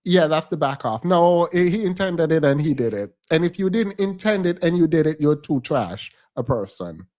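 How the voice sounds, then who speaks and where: Blunt emphatic man with a higher voice. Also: sing-song, moderate pace, hardly any pauses, darkish tone. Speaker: streamer reacting to a podcast clip. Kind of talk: casual reaction commentary.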